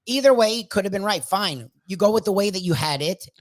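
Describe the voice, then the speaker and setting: A man's voice: high-pitched, expressive, brisk, dry recording. Blunt, profane man talking sports. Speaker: sports talk co-host. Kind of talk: casual sports talk.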